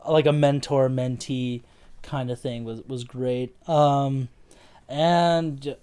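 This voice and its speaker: American man, casual film review chat, rambling, swears now and then, smooth clear voice, slightly high pitch. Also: darkish tone. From United States. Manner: rambling, loose, swears casually, laughs often. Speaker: podcast co-host.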